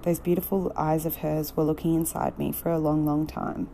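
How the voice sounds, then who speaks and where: Brief: female audiobook narrator, measured, dark mellow tone. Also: deep voice, flat delivery, slight background noise, rough recording. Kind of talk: novel reading.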